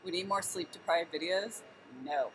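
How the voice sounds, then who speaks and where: A woman's voice: lowish voice, moderate pace, a bit bright, low-quality recording. Young woman rambling on a livestream, restarts a lot, a little background noise. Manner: chatty, stumbles over words, laughs easily. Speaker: guest co-host. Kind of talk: casual livestream chat. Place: hotel lobby.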